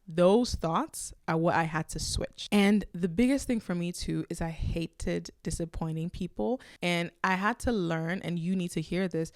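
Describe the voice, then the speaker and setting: A woman with a fairly low voice hosts her own podcast and talks frankly to the listener. She tells personal stories in a relaxed, lively way, and the sound is dry and close, with no room echo. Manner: candid, conversational, animated storytelling. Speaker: podcast host. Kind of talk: casual solo podcast talk.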